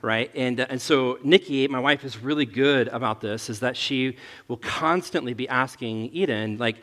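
Chatty pastor in a reverberant hall. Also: male voice, medium pitch, normal speed. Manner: relaxed, chatty, often laughing at his own story. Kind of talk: storytelling sermon. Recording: long reverb of a large hall.

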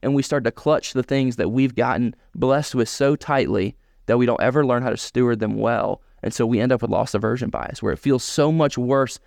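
A man's voice: mid-range voice, a little fast, gravelly, darkish tone, dry recording, clean studio sound. A man who preaches a sermon as a pastor in a chatty way and keeps asking "right?". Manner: conversational, often asking "right?".

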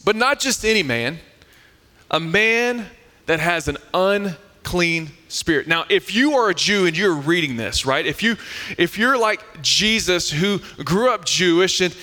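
A man's voice: high voice, animated, measured pace, bright, forceful tone. A man preaching a sermon as pastor, reading scripture aloud and explaining it in an earnest, emphatic way, often repeating a word as he restarts. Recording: echoey hall with long reverb.

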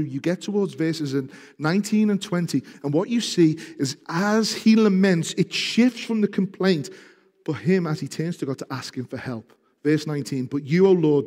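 A man preaching a sermon, speaking with passion and growing loud when he reads scripture aloud. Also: on the high side, normal speed. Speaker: pastor. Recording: reverberant hall.

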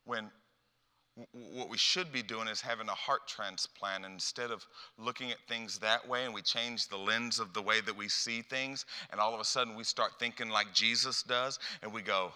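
A man preaching a sermon to a youth gathering, animated and rhetorical, often repeating words as he builds up steam. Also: lowish voice, normal speed, clear, resonant tone, big-room sound.

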